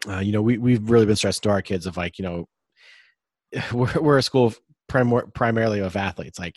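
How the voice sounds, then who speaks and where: A man hosting a casual podcast chat, his voice sitting fairly low. He rambles along in an upbeat way and hypes up whoever comes on. The sound is dry and close, with no room around it. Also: fairly quick, dry recording. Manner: rambling, upbeat hype-style introductions. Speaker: podcast host.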